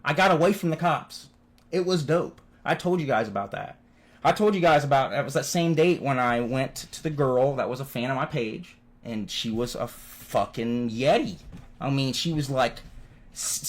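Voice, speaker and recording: Animated, foul-mouthed man telling stories. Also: on the high side, moderate pace. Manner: animated, swears constantly, says "dude" often. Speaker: vlogger. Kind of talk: profane casual storytelling. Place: at home.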